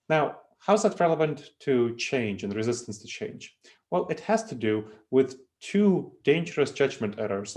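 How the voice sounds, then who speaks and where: A man in his thirties from Moldova, with a Moldovan accent, giving an online presentation in a lively, self-deprecating lecturing way with frequent restarts. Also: medium pitch. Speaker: webinar presenter. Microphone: video call.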